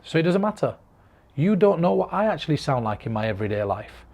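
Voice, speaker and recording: This man, a mentalist from northern England, films himself offering earnest, encouraging advice on performance. He talks fast with big pitch swings in a slightly high, creaky, somewhat mellow voice.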